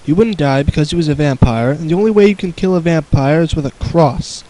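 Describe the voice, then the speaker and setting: Young male host, dry comedic reader, mellow voice. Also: fairly high pitch, a little fast, low-quality recording. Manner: sarcastic, mocking asides. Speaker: host reading a fan story aloud. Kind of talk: comedic dramatic reading with commentary.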